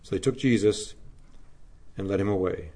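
A fairly low-pitched pastor preaches on Good Friday, reading from scripture first, then preaching in an earnest, measured style with dramatic rises and quiet, hushed moments.

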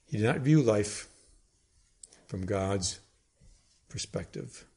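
A man preaching a sermon in a dramatic way, with emphatic pauses and sudden drops to a hush. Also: lowish voice, expressive, creaky, husky.

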